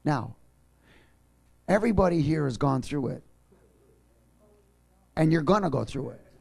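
Male pastor, slightly high voice, jokey sermon that builds to fervent shouting. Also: lively intonation, a little slow, creaky, breathy edge. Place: church.

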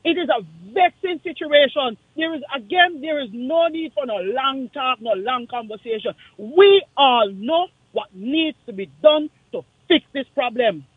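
A man with a Kittitian accent calling in to a radio talk show, speaking in an impassioned, forceful, repetitive way. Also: very high voice, animated, unhurried, hardly any pauses, slightly rough, no echo. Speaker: caller. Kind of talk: call-in radio rant. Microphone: phone line. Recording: tinny dry phone line.

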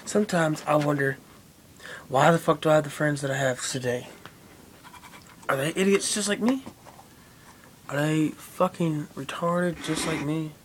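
A man's voice: on the high side, a little slow, pauses often, a little hiss or hum. A young man rambling casually and profanely to his camera, with lots of fillers. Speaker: vlogger. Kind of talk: casual vlog chat.

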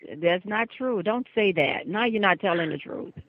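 A woman's voice: mid-range voice, lively intonation, moderate pace, a loud crowd. A woman working as a police call center supervisor, speaking firmly and sternly on a phone call. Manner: firm, stern, repeatedly scolding. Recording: muffled phone line.

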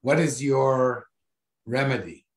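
A man interviewing an author, asking his questions haltingly and often repeating words as he begins. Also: medium pitch. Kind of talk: interview questions over a video call. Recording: echoey room.

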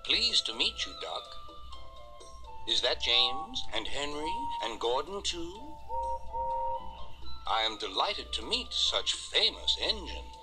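A man's voice: a little high, huge pitch swings, slow pace, long pauses, over loud music, voice pushed up, heavily acted, poor audio. A man doing a smug, oily diesel engine. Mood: oily charm. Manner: smooth, purring and boastful.

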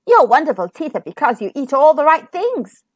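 A woman's voice: high voice, sing-song, normal speed, no echo. A woman voicing a chatty palace cook in a children's storybook, talking in a coaxing way.

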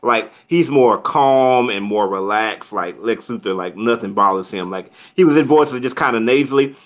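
A man's voice: medium pitch, moderate pace. A man co-hosting a casual film review chat, rambling with restarts and laughing often.

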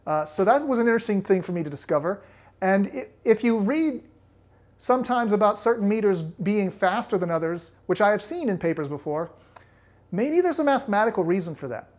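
A man's voice: high voice, expressive, fairly quick, darkish tone. A man hosting a video on Latin poetry, explaining casually as he thinks aloud, with frequent restarts and direct, friendly address to viewers. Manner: thinking aloud, many restarts while working through the arithmetic. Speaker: Latin teacher and video host.

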